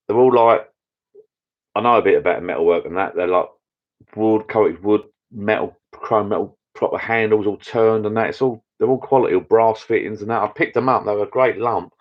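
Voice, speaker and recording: A middle-aged man hosting a casual live chat with viewers from his backyard pub shed, rambling and getting easily excited. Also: on the low side. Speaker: channel host. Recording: dull lo-fi sound.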